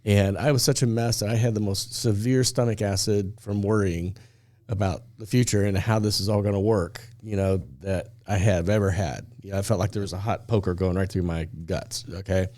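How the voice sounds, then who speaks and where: Chatty middle-aged man, mellow voice. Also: fairly low pitch, steady tone, normal speed. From Indiana. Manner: chatty, laughs often, acts out dialogue. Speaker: podcast host telling his story. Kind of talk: casual storytelling.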